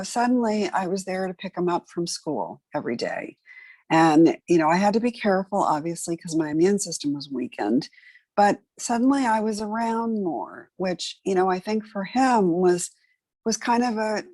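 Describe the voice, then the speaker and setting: A woman's voice: mid-range voice, a little mellow, no echo. A middle-aged woman telling her personal story as an interview guest, earnest and conversational with many fillers. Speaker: interview guest, patient advocate.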